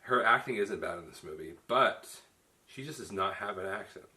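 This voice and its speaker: A man's voice: lowish voice, lively intonation, moderate pace, bright, forceful tone. A man hosting a casual film review chat, talking loosely with many restarts. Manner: chatty, many restarts and "you know". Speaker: film reviewer, show host.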